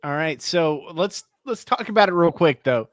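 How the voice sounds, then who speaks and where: A man's voice: a little high, expressive, normal speed, no room sound, clean studio sound. A man co-hosting a casual chat who asks questions and moves the talk along.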